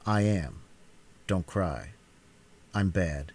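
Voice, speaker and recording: A quiet, resigned young woman, her words low and hushed, as a male reader voices her in a cold-read audiobook. The voice sits very deep and stays soft and subdued. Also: very slow, exaggerated voice.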